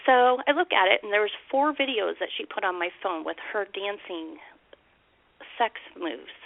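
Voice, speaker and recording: Gravelly woman on a tinny phone line. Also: medium pitch, no room sound. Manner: halting, restarts, acts out quoted dialogue. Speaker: guest, mother telling her story. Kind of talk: emotional personal account on a call-in podcast.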